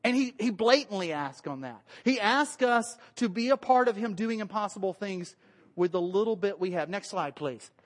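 A man, a pastor giving a relaxed, conversational sermon in church, cracking jokes. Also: sits high, normal speed. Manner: conversational, joking, acts out quoted voices. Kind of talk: casual sermon with slides.

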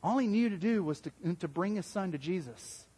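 High-voiced man preaching in a hall. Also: expressive, a little fast, dark tone, slightly rough. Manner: conversational, asks the congregation questions; acts out quoted voices with big pitch jumps. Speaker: pastor. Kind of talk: interactive sermon.

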